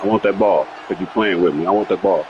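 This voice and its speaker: A man's voice: deep voice, fast talker, highs cut off, background noise. A man from Oakland, California, trash-talking his opponent during a video game, repeating his taunts again and again. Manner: taunting, repeats lines over and over. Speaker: gaming host. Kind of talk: trash-talking gameplay chat.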